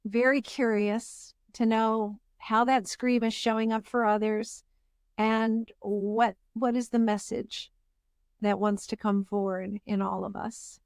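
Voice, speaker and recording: A woman hosts a podcast in a reflective, heartfelt manner, often restarting her sentences as she gathers her thoughts. Her voice sits a little high. The recording is dry and close, with no room sound. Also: flat delivery, slow, no room sound. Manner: earnest, searching, many restarts. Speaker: podcast host. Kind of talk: reflective interview chat.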